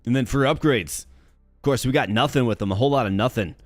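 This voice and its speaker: A man's voice: medium pitch, fast, no echo. Man from Minnesota, casual gameplay commentary, dry close mic, faint music underneath. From Minnesota, USA. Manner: chatty, upbeat, slangy. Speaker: gaming channel host.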